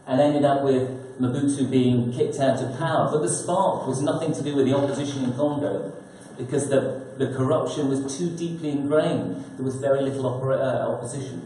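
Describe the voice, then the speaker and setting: A man's voice: medium pitch, brisk, hardly any pauses, mellow, slight background noise. A man, an author, giving a thoughtful talk at a press conference and posing rhetorical questions. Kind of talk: prepared talk to an audience. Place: conference hall. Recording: very echoey conference room.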